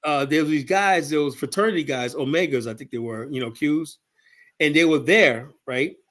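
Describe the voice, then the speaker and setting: A man's voice: fairly high pitch, normal speed, a bit bright. A man from the United States, a podcast guest, talking bluntly and heatedly, swearing freely as he tells stories. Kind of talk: casual podcast debate.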